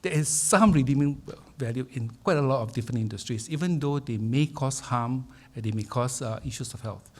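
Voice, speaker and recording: A man, hosting a public talk and introducing the speaker in measured, hesitant remarks with many fillers. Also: medium pitch. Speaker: event host introducing speaker. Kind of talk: formal opening remarks.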